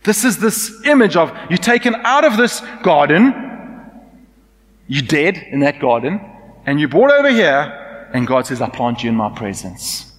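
Passionate preacher with long hall reverb. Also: male voice, fairly high pitch, sing-song, a little slow. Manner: passionate, rising to loud emphasis and dropping to soft intimacy. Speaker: pastor. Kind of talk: sermon. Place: church hall.

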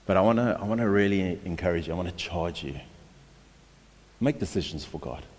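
A man's voice: sits low, a little fast, darkish tone. A male pastor from South Africa preaching a sermon, emphatic and exhorting, often restarting his words. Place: church hall. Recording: long hall reverb.

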